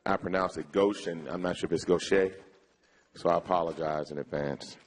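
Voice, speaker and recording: A man chairing a city council meeting, making halting announcements and calling speakers. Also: extremely low pitch, steady tone. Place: council chamber. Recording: crowd noise in chamber.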